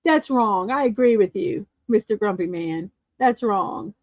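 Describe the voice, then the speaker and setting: A woman hosting a casual livestream chat show, chatty and quick to laugh as she tells stories and answers viewer comments. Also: mid-range voice, animated, dry recording. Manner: chatty, laughs often, storytelling. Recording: dull lo-fi dry sound.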